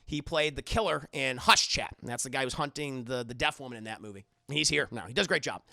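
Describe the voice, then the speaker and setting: A man giving a live-streamed spoiler review, talking to his chat in an animated, rambling way with many restarts. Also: medium pitch, quick pace, creaky, no room sound, clean studio sound.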